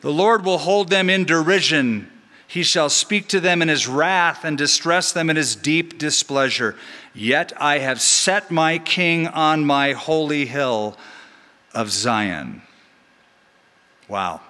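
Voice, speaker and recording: A middle-aged pastor preaches with a bright, ringing voice pitched a touch above most men. He teaches in an animated way and slips in joking asides. His words carry a long reverb from the big church hall. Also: takes it slowly. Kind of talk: sermon. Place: large church sanctuary.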